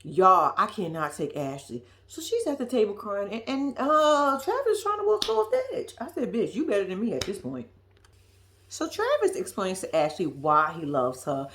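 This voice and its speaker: A woman giving a profane, animated recap of a reality show, acting out quotes in a blunt, sassy way. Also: medium pitch, normal speed, hardly any pauses.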